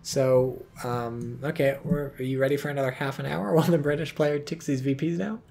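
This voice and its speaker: A man's voice: mid-range voice, fairly even intonation, fairly quick, gravelly, darkish tone. A man giving casual, profane, sarcastic commentary on a strategy game replay and reading viewer chat aloud.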